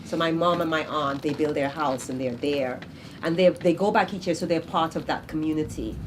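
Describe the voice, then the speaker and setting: A woman poet answering questions at a literary event, telling lively stories and acting out family voices. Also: deep voice, brisk, slight background noise. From Britain, of Grenadian family. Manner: animated storytelling, acts out family voices. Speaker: poet in conversation. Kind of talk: casual literary Q&A talk.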